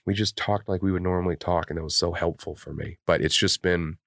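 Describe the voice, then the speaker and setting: Deep-voiced man, blunt and profane. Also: brisk, vocal fry, a bit bright, no echo, studio quality. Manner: blunt and heavily profane, openly emotional. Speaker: podcast co-host. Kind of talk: candid casual podcast chat.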